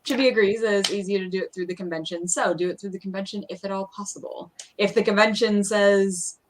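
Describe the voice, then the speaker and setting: A woman co-hosting a casual livestream, rambling with lots of fillers, quick to apologize and giggle. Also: medium pitch, fairly even intonation, background noise. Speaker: podcast co-host.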